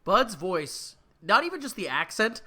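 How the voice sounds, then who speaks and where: A man's voice: sits high, very animated, a little slow, pushed and bright. A man co-hosting a podcast in casual chat, wry and emphatic as he gives strong opinions. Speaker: podcast co-host.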